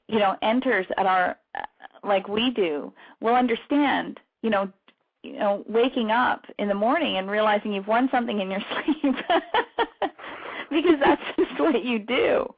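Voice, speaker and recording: A woman radio show host chatting casually, telling stories quickly with frequent laughs. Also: fairly high pitch, breathy edge. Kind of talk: casual chat. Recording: tinny phone-line radio audio.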